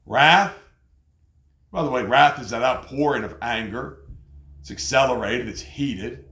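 A man preaching a sermon with an animated delivery, often jumping high in pitch as he acts out angry people. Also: moderate pace. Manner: animated, jumps to high pitch when mocking others. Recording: echoey room.

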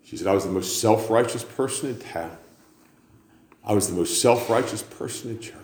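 Casting: lower-voiced male preacher, sermon delivery, room echo, faint hiss. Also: normal speed. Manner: preaching, building to loud climaxes then dropping low. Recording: echoey room with faint background noise.

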